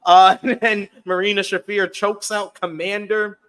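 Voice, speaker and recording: A man's voice: high-pitched, flat delivery, measured pace, a bit bright, clean tone. A man co-hosting a casual wrestling review show, recapping what happened and laughing often as he goes. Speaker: co-host.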